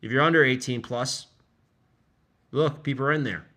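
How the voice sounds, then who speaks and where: A man's voice: mid-range voice, moderate pace, sharp tone. A man talking to his livestream audience in a rambling monologue, often restarting his sentences and sometimes getting worked up. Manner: agitated, repetitive, restarts often.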